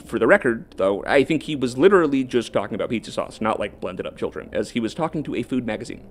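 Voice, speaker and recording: A man's voice: medium pitch, animated, fast talker, a little hiss or hum. A man narrating a video script in a wry, dryly ironic manner.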